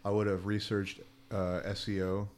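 A young man with a low voice, chatting on a podcast in a loose, joking way. Light room noise sits behind him, and his tone stays easygoing. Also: moderate pace. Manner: relaxed, jokey, says "like" often. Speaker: podcast co-host, small business owner. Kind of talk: casual podcast chat.

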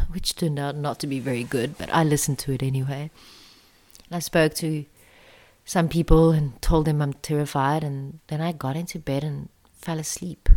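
A woman with a low, deep-set voice tells a personal story. Her delivery is confessional and soft, often sinking close to a whisper.

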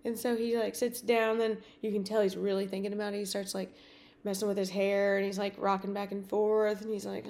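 A woman podcast host telling a personal story in a casual, animated way, with many fillers and acted-out dialogue. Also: mid-range voice, a little fast.

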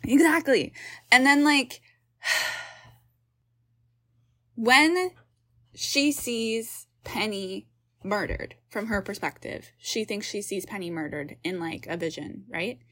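A young woman co-hosting a casual film review chat, animated and exasperated, swearing casually as she picks apart the plot. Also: medium pitch, slow, pauses often. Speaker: podcast co-host.

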